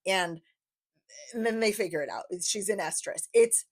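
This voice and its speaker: A woman's voice: mid-range voice, moderate pace. A young adult woman giving a casual book review, chatty and enthusiastic, repeating phrases for emphasis.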